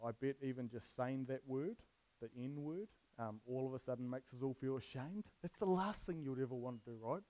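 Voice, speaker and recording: This man's voice is mid-range and warm, captured in a rough recording. Preaching on a Bible passage, he keeps things casual and jokey, frequently asking the audience questions.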